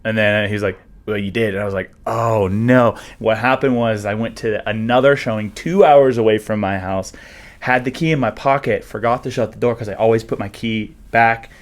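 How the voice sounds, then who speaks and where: A young man with a somewhat low voice, chatting about his job as a real estate agent. He tells stories with a laid-back, self-mocking humor and plenty of fillers. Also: fairly quick. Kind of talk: casual interview chat.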